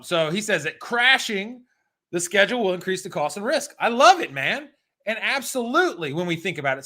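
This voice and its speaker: Lively, bright-voiced American man teaching live. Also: on the high side. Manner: energetic, chatty, talks to viewers in chat. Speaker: exam prep instructor. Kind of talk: live-streamed Q&A lesson.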